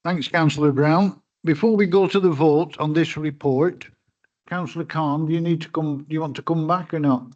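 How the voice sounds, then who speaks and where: Brisk male meeting chair. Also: on the high side, steady tone, darkish tone. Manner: brisk and procedural. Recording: dull, lo-fi chamber audio.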